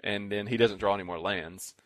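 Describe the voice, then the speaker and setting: A man's voice: fairly low pitch, steady tone, brisk, a bit bright, no room sound. A young man co-hosting a podcast in casual chat, rambling through a story and acting out what other players said. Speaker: podcast co-host.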